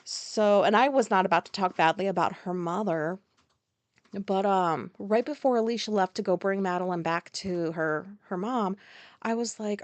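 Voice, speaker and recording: A woman's voice: mid-range voice, normal speed, no echo. An American woman hosting a podcast, telling a rambling personal story in a frank, casual way with lots of fillers and swearing. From United States. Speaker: podcast host.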